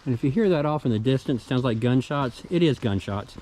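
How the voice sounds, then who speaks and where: A middle-aged hiking vlogger with a Southern US accent casually narrates a forest hike, pointing out things he finds along the trail. His mid-range, mellow voice is expressive and fairly quick, easygoing and enthusiastic about small finds. The recording is low quality.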